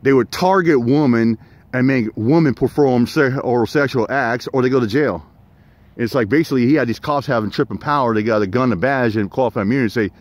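A man's voice: mid-range voice, a little fast, dry recording. Profane rambling man telling a story. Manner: profane, rambling, lots of fillers. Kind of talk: casual storytelling rant.

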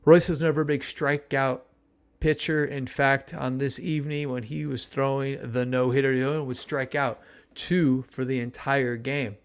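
A man in his fifties from the San Francisco Bay Area, hosting a podcast and telling a nostalgic story in an animated, exclamatory way. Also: medium pitch, moderate pace, clean tone. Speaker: podcast host.

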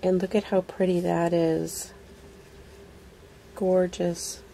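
A woman vlogger unboxing a craft swap package in casual chat, gushing over each item with excited exclamations. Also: lowish voice, slow pace, gravelly, a little hiss or hum.

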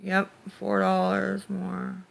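A man's voice: sits high, completely flat delivery, slow, vocal fry. A man live-streaming late at night, irritably snapping back at commenters and muttering repeated words. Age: adult parent. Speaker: livestreamer reading chat.

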